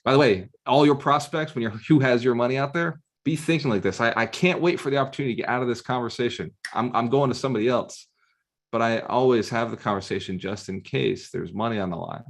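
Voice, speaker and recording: A man's voice: mid-range voice, fast. A man giving a motivational coaching talk as a real estate mentor, punchy and firing rhetorical questions at his students over a video call.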